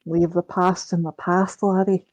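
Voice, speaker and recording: A woman's voice: fairly low pitch, level tone, a little slow, darkish tone, slight background noise, close to an everyday voice. A woman voicing a sly male prison governor in a put-on Scottish accent, reading game dialogue aloud with a dry, wry manner. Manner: dialect-heavy, wry reading of game lines.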